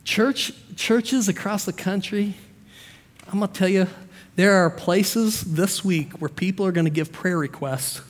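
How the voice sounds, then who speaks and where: A man preaching a sermon as pastor, telling stories softly, then pressing his points with emphasis. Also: sits high, a little slow, long reverb tail. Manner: preaching with stories, swings from soft storytelling to emphatic.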